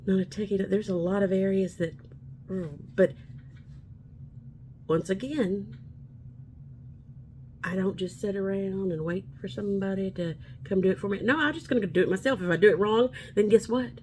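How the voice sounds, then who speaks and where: A woman in her forties speaks to camera in a loose, rambling vlog, upbeat and a little preachy as she drifts from point to point. Her voice sits at an ordinary middle pitch. A faint hiss of noise stays under the recording. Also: normal speed, long pauses, darkish tone. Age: 40s. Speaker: vlogger. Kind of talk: casual talking-to-camera vlog.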